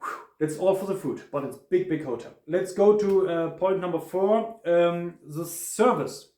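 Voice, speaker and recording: A man's voice: sits high, warm tone. German guy rambling through a hotel review, lots of ums and restarts, bit of room echo. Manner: halting, many fillers and restarts. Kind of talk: casual spoken review.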